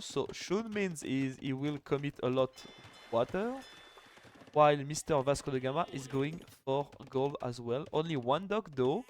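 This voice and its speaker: A young man casting a live strategy game final, chatty and joking, with lots of "like" fillers. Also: on the high side. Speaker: esports caster.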